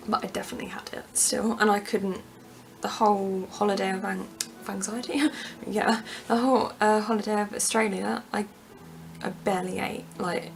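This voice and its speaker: Candid young woman with vocal fry. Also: mid-range voice, a little hiss or hum. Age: young adult. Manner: candid and tumbling, with nervous laughs and soft asides. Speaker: vlogger. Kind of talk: personal confessional vlog.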